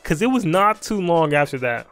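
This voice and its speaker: A young man with a fairly high voice tells a rambling story while he streams, slipping into slang and acting out both sides of the dialogue between laughs. The sound is dry and close to the mic, with faint music playing behind him. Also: sing-song, moderate pace, fairly bright tone, no echo.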